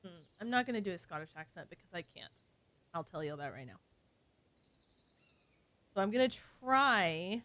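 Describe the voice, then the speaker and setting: Her lowish, fairly bright voice swings widely in pitch, moving at normal speed with long pauses. This woman game streamer chats casually during play in a playful, teasing, self-deprecating way.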